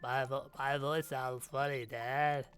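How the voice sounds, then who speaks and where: A man's voice: medium pitch, level tone, slow pace, a bit bright, soft background music. A man voicing his young daughter as she talks in a silly, funny put-on voice. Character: little girl doing a silly funny voice.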